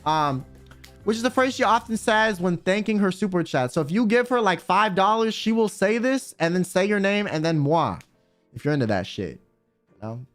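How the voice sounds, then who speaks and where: A man's voice: high voice, moderate pace, soft background music. A young man streamer giving casual, joking commentary with lots of swearing. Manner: animated, profane, joking.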